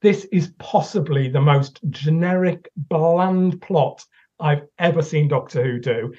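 Here a male podcast co-host is ranting and cursing, exasperated, as he critiques something in casual discussion. His voice is a little high, mellow and unhurried. It comes through a dull, lo-fi recording.

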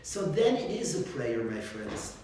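A man, a rabbi, giving an informal religious talk full of animated stories and frequent chuckles. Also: mid-range voice, unhurried. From United States. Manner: animated storytelling, chuckles often. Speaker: rabbi teaching a class. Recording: very echoey room, distant mic, faint noise.

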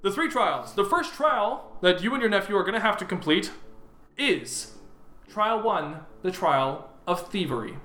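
A man narrating as game master of a tabletop role-play, animated and laughing often. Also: high-pitched, a little slow, reverberant.

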